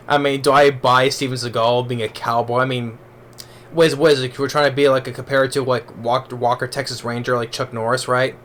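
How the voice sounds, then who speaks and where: A man's voice: medium pitch, a bit bright, a little hiss or hum. A man giving a casual spoken movie review, rambling along with many restarts and fillers.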